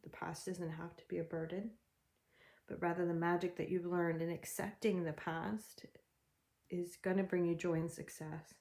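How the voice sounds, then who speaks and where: A woman's voice: fairly low pitch, little pitch movement, moderate pace, a little mellow. A woman giving a general tarot reading, talking in an encouraging, chatty way and laughing often. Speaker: tarot reader.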